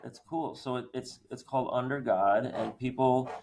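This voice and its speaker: A man's voice: mid-range voice, moderate pace. A man co-hosting a casual interview, chatty and rambling, with fillers and laughs. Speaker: co-host. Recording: noisy, clicking background.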